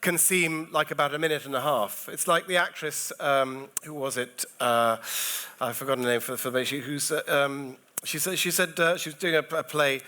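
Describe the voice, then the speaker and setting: A man with a bright, forceful voice gives a talk to an audience of teachers. He tells stories in a restless way, jumping between thoughts and restarting his sentences. The voice is clear and lively. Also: fairly high pitch, moderate pace. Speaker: comedian speaking at an education festival. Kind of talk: keynote talk and anecdotes.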